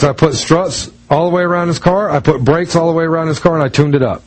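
Conversational preacher telling a story. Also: male voice, a little high, fast talker, hardly any pauses, poor audio. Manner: conversational storytelling with many restarts; acts out quoted voices in dialogue. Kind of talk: sermon with personal story.

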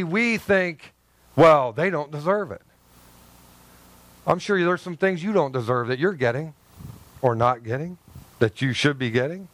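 A man preaching a sermon as pastor, lively and joking, swinging between loud emphasis and soft asides. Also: sits high, no echo.

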